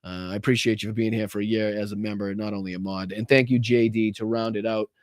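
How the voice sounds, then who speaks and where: A male political livestream host with a Boston accent, talking off the cuff, repeating himself and trailing into ums and uhs. His voice comes through smooth and clean, in a dry room with no echo. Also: fairly low pitch, fairly even intonation, quick pace. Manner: heated, repetitive, many fillers and restarts. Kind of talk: casual livestream commentary and viewer shout-outs.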